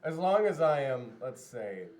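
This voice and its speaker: A man playing a tabletop game, playful and quick to laugh. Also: medium pitch, sing-song, a crowd in the background. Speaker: player. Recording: distant mic with noise.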